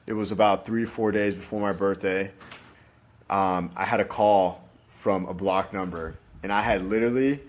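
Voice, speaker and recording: A young man with a somewhat low voice is a guest on an interview. He tells his story in a candid, rambling style, swears freely, and leans on "like" and "you know". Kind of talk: casual storytelling.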